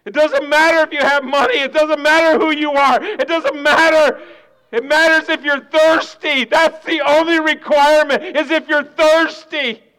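High-voiced, bright male preacher. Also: fairly even intonation, normal speed. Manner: emphatic, repetitive preaching. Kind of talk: sermon.

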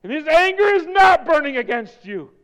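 Fervent high-voiced male preacher. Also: very animated, moderate pace. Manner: fervent, swings between quiet intimacy and shouting. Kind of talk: sermon. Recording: long hall reverb.

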